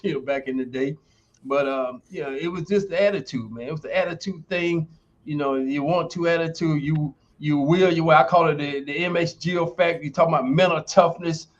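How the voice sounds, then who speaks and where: His voice is fairly high with the highs cut off: a man in his sixties, guest on a podcast, who's a retired football player and university lecturer. He tells his stories emphatically and folksily, in the manner of a motivational coach.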